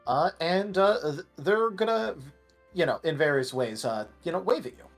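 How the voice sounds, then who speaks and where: A man's voice: a little high, expressive, normal speed, creaky, faint music behind. A man narrating a tabletop role-play as game master, in a rambling way with lots of fillers.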